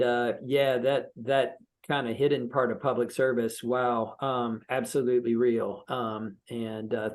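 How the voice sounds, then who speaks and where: A man moderating a speaker event, leading the questions with a hesitant delivery full of "uh" and "um.". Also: mid-range voice. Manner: hesitant, many "uh" and "um". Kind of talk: hosting a Q&A.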